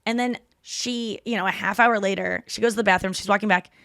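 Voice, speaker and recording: A woman hosting a podcast, telling stories in casual chat with quick asides and self-corrections. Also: mid-range voice, fairly even intonation, vocal fry, fairly bright tone, no echo, studio quality. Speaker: podcast host.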